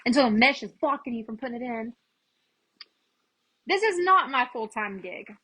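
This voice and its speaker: A woman hosts a live crafting demo, chatting freely and greeting viewers by name as she works. Her voice sits a little high and rings bright and forceful. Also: lively intonation, normal speed, breathy edge, low-quality recording. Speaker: craft livestream host.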